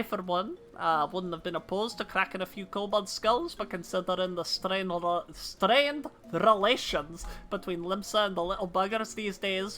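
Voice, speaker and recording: A brash naval lieutenant with a put-on Scottish burr, as a woman reads the game's lines aloud. The voice is bright and cutting, with swaggering theatrical delivery, and faint music plays behind it. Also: medium pitch, pitched above the performer's own voice, lightly acted. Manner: theatrical cutscene reading.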